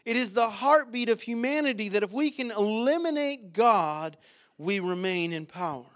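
A man's voice: sits high, lively intonation, moderate pace, fairly bright tone. A man preaching a sermon as pastor, impassioned and emphatic, with frequent hesitant fillers between points.

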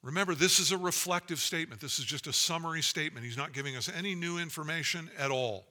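A man's voice: fairly high pitch, fast talker, bright, forceful tone. A man preaching a sermon as pastor, earnest and building to emphatic, rising passages. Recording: long hall reverb.

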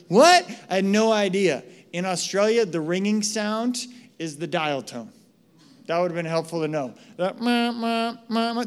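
High-voiced animated American preacher. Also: male voice. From United States. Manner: animated storytelling, frequent "right?" asides. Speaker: pastor. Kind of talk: sermon with personal story.

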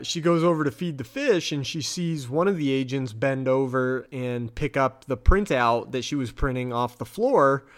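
A man, a podcast host casually retelling a TV episode, chatty with quick acted-out quotes. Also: medium pitch, smooth.

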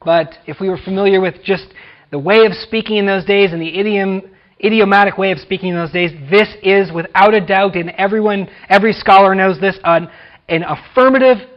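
A man's voice: high-pitched, brisk, lo-fi sound. An American man preaching a sermon as pastor, dramatically acting out the voices he quotes. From United States.

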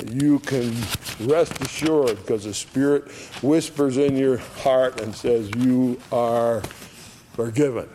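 A man's voice: mid-range voice, darkish tone, a little hiss or hum. A man teaching an adult Bible study class in a conversational way, acting out short bits of dialogue as he explains. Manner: slow, conversational teaching that acts out quoted dialogue.

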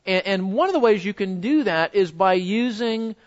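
Leading a Bible lesson in a chatty style, this man repeats words frequently and slows down on the phrases that matter. He sounds high and expressive, though the audio is dull.

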